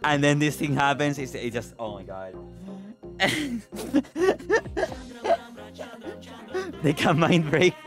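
A man livestreaming, chatting with his viewers in an excitable, rambling way, stammering and swearing. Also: on the high side, normal speed, over music.

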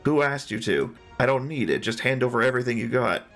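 Man reading surly bandit, gruff, gravelly, demanding, game dialogue. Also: mid-range voice, lively intonation, fast, a bit bright, faint music behind. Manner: gruff, growls before speaking.

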